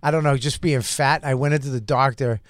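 A man's voice: medium pitch, steady tone, brisk, no echo, studio quality. A male comedian guest on a talk show, telling crude jokes and stories in casual banter.

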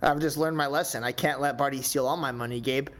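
A man's voice: medium pitch, fairly even intonation, fast talker, a bit bright. A man co-hosting a sports radio show, chatting in a laid-back way. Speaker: radio co-host. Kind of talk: casual sports radio chat.

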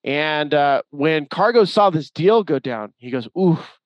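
A man co-hosting a sports podcast, telling animated stories and acting out the quoted exchanges. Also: on the high side, a little slow, no echo. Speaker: podcast co-host. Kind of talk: casual sports chat. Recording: dry, slightly muffled audio.

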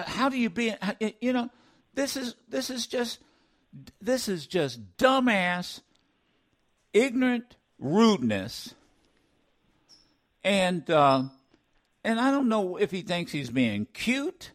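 A man's voice: high-pitched, a bit bright. A man with an Ohio accent hosting a call-in radio show, emphatic and repeating his words as he talks. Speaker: radio talk show host.

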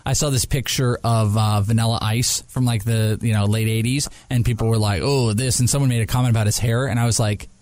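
A man's voice: a little fast, hardly any pauses, no room sound. A man hosting a sports talk podcast, telling stories in casual banter, acting out quotes in a raised voice and laughing often. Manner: animated storyteller, acts out quotes in a high voice, laughs often. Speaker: podcast and radio host.

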